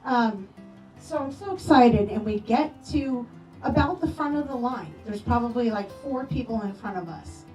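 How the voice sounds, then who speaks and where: Woman, memorial storyteller, higher voice, mellow tone, roomy echo, distant mic, faint music. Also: normal speed. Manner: animated storytelling with playful quoted voices. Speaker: memorial speaker. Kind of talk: eulogy storytelling. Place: memorial gathering hall.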